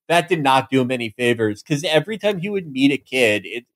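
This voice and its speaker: A man's voice: medium pitch, a little fast. A man, a podcast host, telling mocking comic stories in casual chat. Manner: animated storytelling, mocking.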